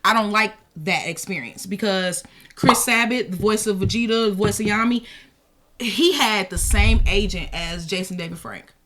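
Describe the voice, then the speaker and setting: A woman chatting casually on a podcast, telling animated stories with quick asides. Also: medium pitch, a little hiss or hum.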